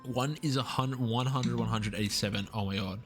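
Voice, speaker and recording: During a casual live stream of a strategy game, a young Australian man rambles upbeat to his audience in a mid-range voice at a fairly quick clip. Faint background music plays behind him.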